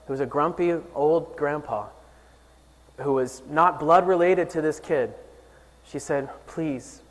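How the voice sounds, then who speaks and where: A man preaching a sermon, telling a story earnestly and rising and falling in pitch and volume. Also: long reverb tail, low-quality recording. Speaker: pastor.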